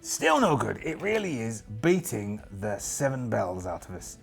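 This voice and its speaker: A man's voice: mid-range voice, very animated, a little slow, gravelly, soft background music. A man narrating a solo tabletop game with chatty, self-mocking asides.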